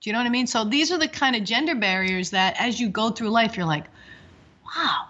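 As an interview guest, an energetic woman in her fifties chats casually, telling animated, rambling stories from her coaching life. Her voice is a little high, fairly quick, bright, and forward, though the recording sounds slightly dull and lo-fi.

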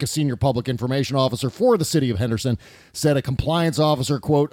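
A man's voice: medium pitch, darkish tone, dry recording, studio quality. A man hosting a talk show, chatting loosely with plenty of fillers. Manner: loose, filler-heavy, laughs easily. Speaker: host. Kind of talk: casual talk show chat.

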